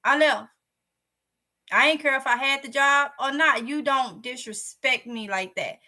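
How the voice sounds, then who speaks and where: A woman's voice: high voice, a little slow. A woman from Mississippi with a Southern accent, casually telling her viewers a story in a candid, chatty vlog. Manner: chatty, candid, lively retelling. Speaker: vlogger.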